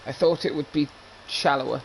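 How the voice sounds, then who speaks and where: A man's voice: fairly high pitch, brisk, gravelly, a little hiss or hum, rough recording. A British man co-hosting a casual gaming podcast, swearing and laughing as he plays and chats. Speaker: podcast co-host.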